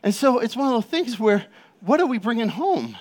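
A middle-aged pastor with a light, high voice delivers a sermon. He talks casually through family stories, full of "you know" and restarts, then reads scripture slowly. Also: big pitch swings, a little mellow. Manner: conversational, personal storytelling with frequent fillers.

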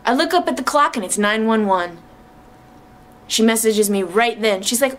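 Emotional high-voiced woman giving testimony. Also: animated, normal speed. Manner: emotional, exclamatory, tearful at moments. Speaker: Christian speaker sharing testimony. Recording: music underneath.

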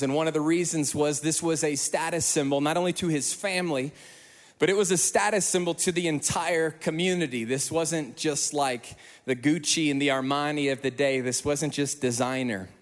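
A man preaching to his congregation with a voice that sits high for a man. He tells stories with open emotion and animated delivery. His words ring out through a church with a long, trailing reverb. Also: a little fast. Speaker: pastor. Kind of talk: sermon.

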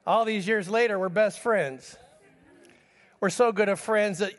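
High-voiced preacher in a reverberant hall. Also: male voice, unhurried, pauses often. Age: middle-aged. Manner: storytelling preacher addressing the congregation directly. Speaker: pastor. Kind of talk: sermon.

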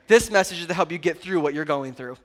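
A man in his thirties preaches to his congregation in a high, lifted voice. He is animated and conversational, teasing the crowd and joking between points. His delivery moves from loud calls to the room down to quiet, intimate asides. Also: quick pace. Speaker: pastor. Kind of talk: sermon.

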